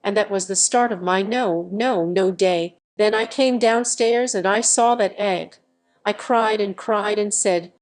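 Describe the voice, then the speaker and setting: A woman hosting a storytime channel, reading a children's picture book aloud with expressive storytelling. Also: medium pitch, a little slow, soft background music. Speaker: storytime host.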